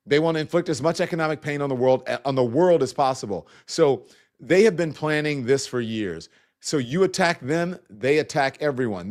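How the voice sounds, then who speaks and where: A middle-aged man hosting a live online news talk show, loose and conversational, greeting viewers and breaking off to talk to his staff. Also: a little high. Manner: loose and conversational, with frequent restarts and asides to staff. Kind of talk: live-stream news commentary with viewer shout-outs.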